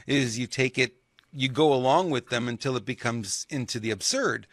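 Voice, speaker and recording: A man's voice: mid-range voice, moderate pace, a bit bright, no room sound, studio quality. A man co-hosting a political talk show who chats casually, often agrees, and laughs as he acts out jokes. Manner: affirms a lot, laughs at his own jokes, acts out dialogue when reading.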